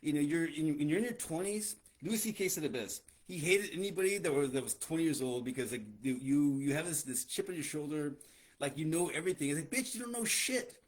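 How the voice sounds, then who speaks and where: Male podcast host, rapid blunt profane rant, husky voice. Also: on the high side.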